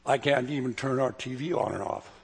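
A man's voice: mid-range voice, fairly quick, vocal fry, in a large hall, slight background noise. An older man, a pastor and grandfather, giving a sermon in a folksy, chuckling storytelling manner. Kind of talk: sermon with humorous stories.

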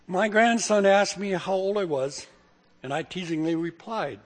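A man's voice: high voice, moderate pace. Folksy older male preacher, ringing hall. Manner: folksy, chuckling storyteller. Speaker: pastor. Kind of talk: sermon with humorous stories.

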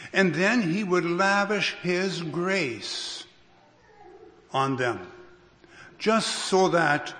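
A man preaching a sermon as a pastor, unhurried, with restarts and careful emphasis. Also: fairly high pitch, a bit bright. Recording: long reverb of a hall.

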